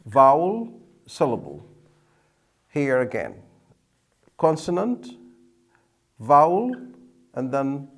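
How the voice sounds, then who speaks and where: A male teacher explains grammar slowly and deliberately, repeating key words. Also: on the high side. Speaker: English teacher. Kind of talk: explaining at a whiteboard.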